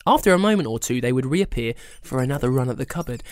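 Expressive storyteller. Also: medium pitch, fast, dry recording, clean studio sound. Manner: expressive, animated. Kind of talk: children's story reading.

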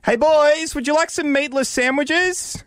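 A man putting on a shrill fussy parent. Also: unhurried, a bit bright, no echo, studio quality. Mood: sing-song. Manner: high sing-song mock voice. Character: shrill fussy parent making sandwiches for boys.

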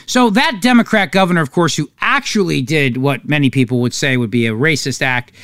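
A man's voice: a little high, a little fast, fairly bright tone, dry recording, studio quality. A man hosting a political talk show, sarcastic and mocking in his commentary. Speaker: talk radio host.

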